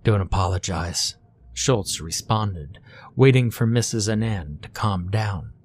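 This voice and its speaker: A man narrating a scripted horror story in a slow, hushed way. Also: on the low side, animated, slight background noise.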